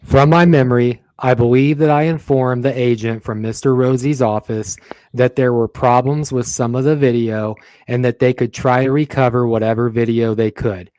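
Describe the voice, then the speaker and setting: Brief: man voicing a detective witness, formal and measured, dry close recording. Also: medium pitch, fairly even intonation, darkish tone, dry recording, natural voice. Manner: measured, formal, apologetic answers. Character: male police detective testifying in court. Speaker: reader in a transcript read-through. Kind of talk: courtroom transcript reading.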